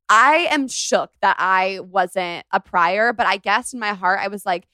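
Bubbly woman podcast host, smooth voice. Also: mid-range voice, measured pace, hardly any pauses, pushed and bright, no echo, studio quality. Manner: bubbly, gushing storyteller. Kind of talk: casual chat.

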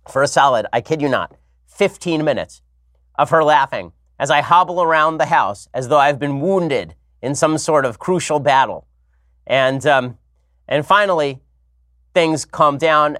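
A podcast host in his thirties delivers a casual monologue, a rambling story laced with wry, sarcastic commentary. His mid-range voice is a bit bright, recorded in studio quality with no echo.

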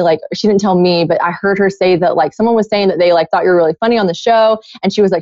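A young woman telling a story in casual chat, animated and acting out what others said. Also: fairly low pitch, fast, hardly any pauses, no echo, highs cut off. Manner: animated, acts out quotes in other voices. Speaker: podcast guest.

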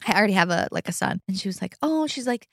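A woman's voice: mid-range voice, lively intonation, racing, gravelly, fairly bright tone, dry recording. Young woman, casual storytelling, chatty, lots of fillers, frequent laughs, dry close sound.

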